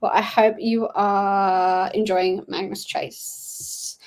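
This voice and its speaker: A woman's voice: medium pitch, flat delivery, takes it slowly, rough recording. Chatty young woman streaming a reading sprint. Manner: chatty, rambling, with frequent fillers. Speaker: livestreaming booktuber. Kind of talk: casual livestream chat reading comments. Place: her dad's study at home.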